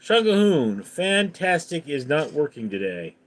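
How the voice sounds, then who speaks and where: A man hosting a live stream, reading viewer comments aloud and tossing back offhand replies. He talks slowly, but his pitch swings widely and expressively from line to line. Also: sing-song. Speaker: livestream host. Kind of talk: casual live-stream chat.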